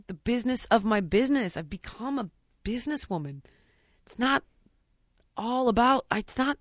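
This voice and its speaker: A woman's voice: medium pitch, no echo. Casting: a woman who thinks aloud, earnest and searching and full of restarts, in a dry, slightly dull recording. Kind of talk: candid casual chat.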